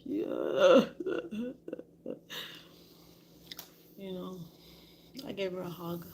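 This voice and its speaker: A woman's voice: on the low side, drawn-out words, gravelly, a little mellow, slight background noise. A woman vlogger telling a story in a candid, rambling way, often dropping to a whisper. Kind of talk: casual storytelling to camera.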